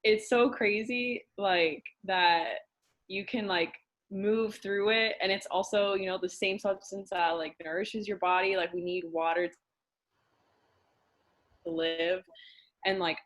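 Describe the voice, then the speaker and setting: A young woman shares eagerly in a small group, her speech slow and warm with excitement. She leans on "like" often as she gathers her thoughts. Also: mid-range voice. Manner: enthusiastic, slow, many "like" fillers. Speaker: group participant. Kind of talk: casual sharing.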